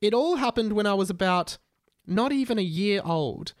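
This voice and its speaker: An indignant schoolboy wizard, put on by a man with a slightly raised voice. He explains himself in a quick, huffy way. The recording is dry and close. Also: high-pitched, expressive, no room sound, voice pushed up. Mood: explaining.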